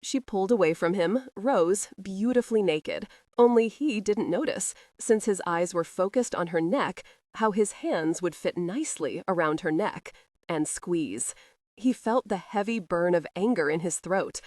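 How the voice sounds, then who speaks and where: A woman's voice: mid-range voice, expressive, a little slow, a little mellow, dry recording, studio quality. A woman reading a historical romance audiobook aloud and voicing both lovers in a near-plain voice. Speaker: audiobook narrator. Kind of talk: scripted audiobook narration.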